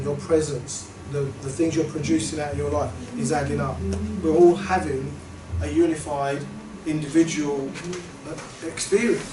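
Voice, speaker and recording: A man giving a reflective workshop talk to a group, earnest and halting, often trailing off softly. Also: a little high. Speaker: workshop presenter. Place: meeting room. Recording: echoey room from far off, noisy.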